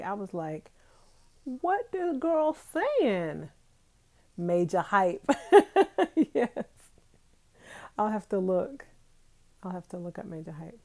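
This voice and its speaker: Here's a thirties-aged woman streaming casually from her bedroom at home, her mid-range voice carrying a dark tone. She talks straight to her audience in a chatty way, laughing frequently while her allergies make her nose itch.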